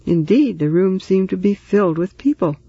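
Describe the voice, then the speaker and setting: A man reading a story aloud in steady, even narration. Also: high voice, moderate pace, slightly rough, no echo, muffled recording. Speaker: audiobook narrator. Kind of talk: scripted narration.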